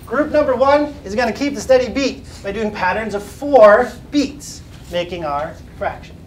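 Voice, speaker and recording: A man's voice: high-pitched, animated, normal speed, slight background noise. A man teaching a children's music class, patiently guiding them and chanting rhythms for them to repeat. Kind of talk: classroom lesson with call and response. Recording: echoey classroom from far off.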